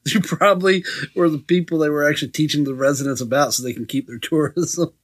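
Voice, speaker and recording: A man's voice: on the high side, fairly even intonation. A man co-hosting a podcast, cutting in with crude wisecracks during casual chat. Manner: wisecracking, crude, quick jokes. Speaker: podcast co-host. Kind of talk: casual chat, joking interjections.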